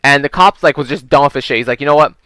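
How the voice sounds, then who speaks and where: A man's voice: medium pitch, fast, bright, forceful tone, no room sound, poor audio. A man telling work stories while playing a video game, rambling and swearing freely, with lots of "like" and "um". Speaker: gaming vlogger.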